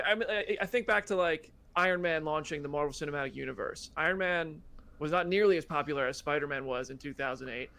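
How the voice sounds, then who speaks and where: A man's voice: a little high, a bit bright. A man interviewing a guest, rambling and self-deprecating with frequent restarts. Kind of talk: casual interview questions.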